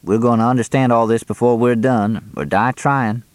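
A man voicing a sharp-tongued, middle-aged Southern woman with a probing, wry way of talking. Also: medium pitch, fairly even intonation, moderate pace, no echo, voice pushed up, natural voice.

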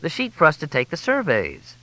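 A man's voice: on the high side, wildly swooping pitch, fairly quick, bright, forceful tone, dry recording, voice pushed up, heavily acted. A man voicing a cheeky, pushy young male reporter with breezy, persistent questions.

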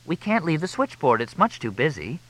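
A man's voice: a little high, sing-song, a little fast, fairly bright tone, no room sound, pitched above the performer's own voice, rough recording. A man voicing a flustered young female switchboard operator, polite and formal.

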